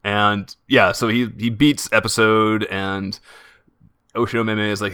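A man's voice: on the low side, flat delivery, measured pace, pushed and bright, clean tone, dry recording, clean studio sound. A young man co-hosting a podcast, chatting casually and rambling with many filler words. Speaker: podcast co-host. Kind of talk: casual chat about an anime.

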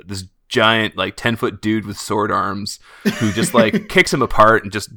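A young man co-hosts a casual podcast, his fairly low voice bright and forward. He rambles through his points with many filler words and restarts. The recording is dry and close. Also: fairly even intonation, unhurried, no room sound. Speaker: podcast co-host. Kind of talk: casual chat about an anime.

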